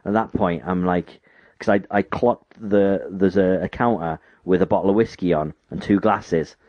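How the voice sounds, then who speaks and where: Low-voiced man telling a story. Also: normal speed, no room sound. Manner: animated, acts out quoted lines in character voices. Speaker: storyteller recounting an immersive horror experience. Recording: dull, dry recording.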